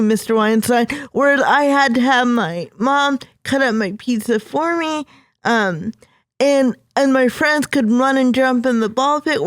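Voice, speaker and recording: A woman's voice: on the high side, no room sound. A young woman, a podcast guest, telling a personal story with earnest emotion. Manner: earnest, emotional, acts out her younger self.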